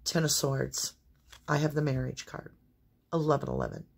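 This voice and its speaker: A woman's voice: rumbling low, sing-song, normal speed, gravelly, husky. A woman giving an intuitive tarot reading to viewers, earnest and exclamatory, with fits of coughing. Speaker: tarot reader.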